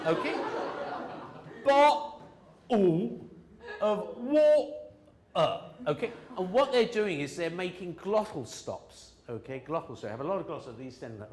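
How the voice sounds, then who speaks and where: Guy lecturing a class on pronunciation, voice goes up and down a lot, kinda high, echoey room. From England. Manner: jokey, demonstrates sounds aloud. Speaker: language teacher.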